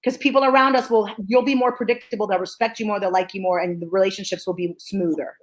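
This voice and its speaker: A fast-talking woman with a medium-pitched voice, captured on poor audio, hosts a talk as a psychologist. Energetic and animated, she repeats key phrases for emphasis and often checks in with "okay?".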